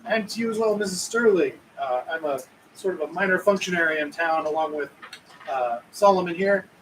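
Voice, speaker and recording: A man's voice: high voice, lively intonation, brisk, a bit bright, recorded from a distance, a little hiss or hum, low-quality recording. A man voicing a jovial, wiry frontier townsman who works as a minor functionary and greets people effusively. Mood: polite.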